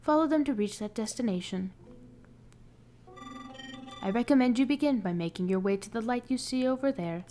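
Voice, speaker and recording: A calm, polite robot construct in a video game speaks formally and evenly, voiced by a woman reading the lines. The voice sits fairly high with little acting. Faint game music runs underneath. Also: normal speed, long pauses, natural voice. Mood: courteous.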